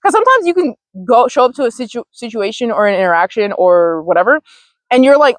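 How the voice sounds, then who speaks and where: A woman's voice: a little high, sing-song, quick pace, no room sound. A woman hosting a podcast, talking in a casual, chatty monologue that is full of profanity and "like". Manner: chatty and profane, heavy use of "like". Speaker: podcast host.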